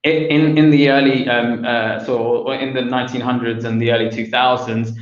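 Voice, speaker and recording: A man's voice: mid-range voice, little pitch movement, moderate pace. A man giving an online conference presentation, hesitant with many fillers and restarts, on a video call mic with roomy, dull audio. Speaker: conference speaker.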